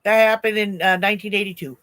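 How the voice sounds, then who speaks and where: A woman's voice: medium pitch, steady tone, quick pace, a bit bright, no room sound. A woman in her sixties hosting a livestream, telling stories casually, laughing often and answering chat comments. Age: 60s. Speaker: crochet livestream host. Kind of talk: casual storytelling to a live chat.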